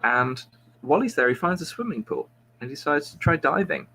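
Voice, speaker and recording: A man's voice: on the high side, sing-song, a little fast, creaky, sharp tone, low-quality recording. Guy rambling thru a shaggy dog joke, keeps restarting, pokes fun at himself, faint noise behind. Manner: rambling, self-mocking storyteller with frequent restarts. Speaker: podcast host. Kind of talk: casual joke telling among friends.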